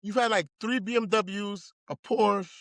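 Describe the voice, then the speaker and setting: A man's voice: high-pitched, steady tone, a little slow, fairly bright tone, dry recording. A man co-hosting a podcast, hyping the guest and searching for words. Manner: hesitant, hypes the guest. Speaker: podcast co-host. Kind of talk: casual podcast chat.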